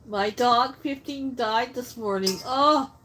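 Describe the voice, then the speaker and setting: A woman's voice: fairly high pitch, slow, noisy background. A woman hosting a casual cooking livestream, chatting and answering viewer comments as she works. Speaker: livestream host. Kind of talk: casual live-stream chat while cooking.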